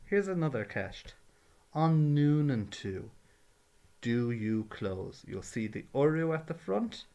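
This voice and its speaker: A man's voice: medium pitch, very animated, measured pace, gravelly, a little mellow, highs cut off. A man teaching a patient, step-by-step grammar lesson. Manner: patient, explains carefully, drills verb forms. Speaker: Irish language teacher.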